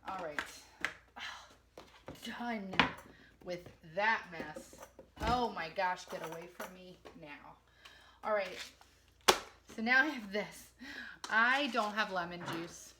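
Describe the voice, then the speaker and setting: A woman in her forties with a mid-range voice films a cooking vlog in her home kitchen. She chats casually and pokes fun at herself while she works. Household noise is clearly heard behind her. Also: medium pitch, takes it slowly, long pauses. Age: 40s. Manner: chatty, self-mocking, talks to viewers while working.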